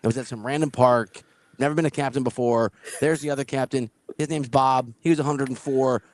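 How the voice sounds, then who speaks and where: A man hosting a casual podcast who tells stories in a lively way, laughs often and acts out the people he quotes. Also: medium pitch, a little fast, no echo. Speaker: podcast host. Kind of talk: casual storytelling chat.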